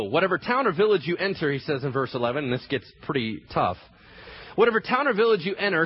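Animated male pastor preaching. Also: a little high, husky. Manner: animated, acts out scenes in funny voices. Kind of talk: sermon. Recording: slightly dull sound with faint ambient noise.

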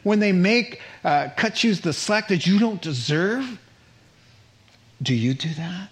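A middle-aged man preaching a sermon as pastor, animated, with his pitch climbing on rhetorical questions and quotes acted out in character. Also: slow.

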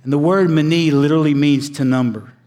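Male preacher, fairly high voice, dramatic sermon pacing, long church reverb. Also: fairly even intonation. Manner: preaching with dramatic pauses, swings between loud emphasis and hushed low delivery. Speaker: pastor.

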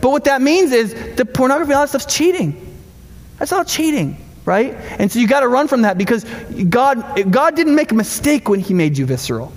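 A middle-aged man preaching a sermon with a gravelly edge to a voice that sits high for a man. He talks in an animated, conversational way and keeps asking his listeners questions. His voice rings out in a large hall with a long echo. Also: fairly quick. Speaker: pastor.

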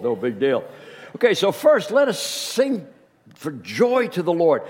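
A congested man delivers a sermon at an unhurried pace, his fairly high voice rising and falling with lively emphasis. He restarts phrases often as he presses his points. The sound carries a long reverb, as if recorded in a large church hall. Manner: animated, emphatic, with frequent restarts. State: congested with a cold. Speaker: pastor.

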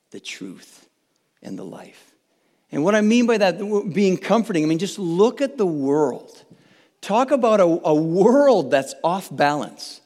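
A male pastor with a high, darkish voice delivers an earnest, conversational sermon, frequently restarting phrases and tossing in tag questions to check on listeners. A long reverb tail from a large church sanctuary follows his words.

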